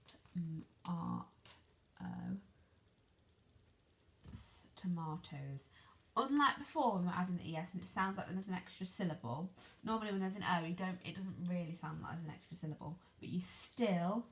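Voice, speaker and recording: A woman teaches phonics to young children over video. She speaks slowly and clearly, spells words out letter by letter, and keeps checking in with questions. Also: on the low side. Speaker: primary school teacher. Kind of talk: online phonics lesson for children.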